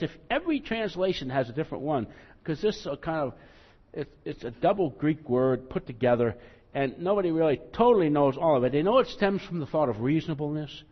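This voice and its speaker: A male pastor preaching a sermon in a conversational, self-deprecating way, acting out quotes with rising emphasis. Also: a little high. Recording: muffled, long hall reverb.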